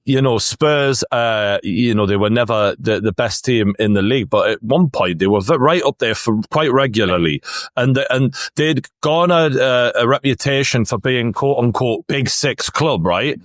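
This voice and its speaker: A man hosting a casual football podcast, animated and swearing freely, laughing often. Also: mid-range voice, normal speed, no room sound, studio quality. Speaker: podcast host.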